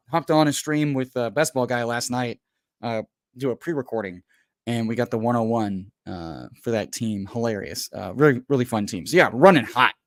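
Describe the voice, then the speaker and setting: A man hosting a casual livestream from home, hyped and folksy, who keeps calling people brother and bursts into loud pep talks. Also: mid-range voice, no echo, studio quality. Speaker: host.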